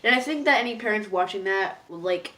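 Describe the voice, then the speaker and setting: A woman's voice: mid-range voice, animated, brisk, fairly bright tone. A woman casually reviewing cartoon episodes, rambling and hesitant, full of fillers, and laughing at herself as she gets easily moved.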